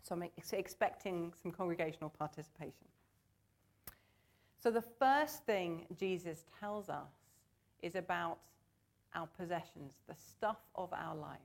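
A woman gives a sermon in church, earnest and conversational in tone. Her voice sits a little low, and she pulls the congregation in as she talks. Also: measured pace, creaky. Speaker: preacher.

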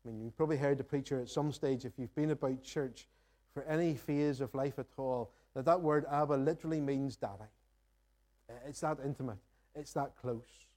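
Standing at the front of the sanctuary, a pastor gives an earnest, reflective sermon, reading scripture aloud and asking his congregation searching questions. His mid-range voice is mellow and warm, moving at a moderate pace.

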